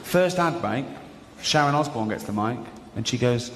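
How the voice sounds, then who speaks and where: In a live recording from a large hall with an audience present, a male comedian tells a story and acts out the people in it. His mid-range voice moves at normal speed with few pauses, there's slight background noise, and he's animated and quick to laugh.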